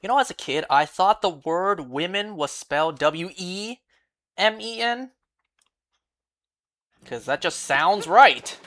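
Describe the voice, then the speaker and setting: Streamer, casual chat; slow, wry, musing delivery, mid pitch. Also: expressive, a bit bright. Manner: musing, wry, spells words out slowly.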